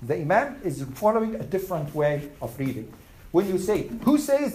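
A woman teaching a Quran class, asking her students questions and reciting Arabic verses quickly. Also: mid-range voice, very animated, a little mellow, slight background noise, low-quality recording. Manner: asks the class questions and answers them. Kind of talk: classroom lesson.

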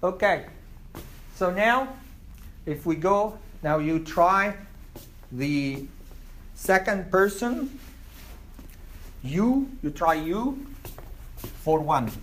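A man teaching an Arabic class, repeating words slowly for his students. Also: sits high, animated, fairly bright tone, a little hiss or hum. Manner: slow, repeats words for learners.

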